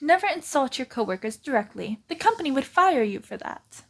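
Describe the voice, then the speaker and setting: Smug cartoon dog consultant read by a woman, brisk and sure of himself, a bit high and loud. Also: sing-song.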